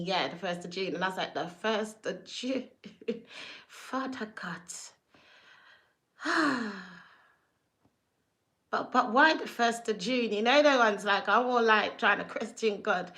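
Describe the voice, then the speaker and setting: A young woman, hosting her own vlog, talking casually with laughs and asides to the viewers. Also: medium pitch. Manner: chatty, lively, laughs and asides. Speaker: vlog host.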